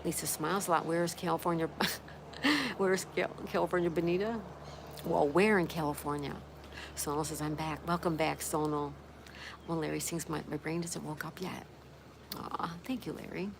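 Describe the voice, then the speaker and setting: A woman with a fairly low voice hosts a relaxed livestream outdoors, reading viewer comments aloud and welcoming each one by name. Her friendly chatter sits over a steady hiss of outdoor background noise. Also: normal speed, gravelly. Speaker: livestream host.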